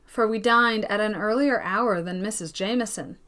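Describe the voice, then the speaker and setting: Woman, audiobook narration, gentle and even, mid-pitched. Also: moderate pace, few pauses.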